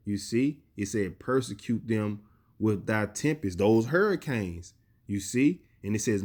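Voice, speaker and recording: A male preacher giving a sermon, reading scripture slowly and with emphasis, and often adding "you see". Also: lowish voice, darkish tone.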